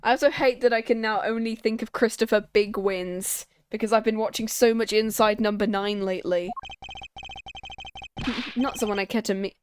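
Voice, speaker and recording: A woman's voice: fairly high pitch, clear, resonant tone, dry recording, clean studio sound. A woman streamer joking and voicing characters as she plays through a game, over game music. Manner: joking, sardonic, lively. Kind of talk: voicing a game playthrough with commentary.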